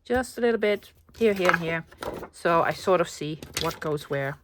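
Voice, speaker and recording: A young woman with a lowish, animated voice chats playfully with her viewers at a normal pace while she crafts, calling them "love" and sometimes dropping to a whisper. She's a craft vlogger in a casual crafting vlog, and there's background noise.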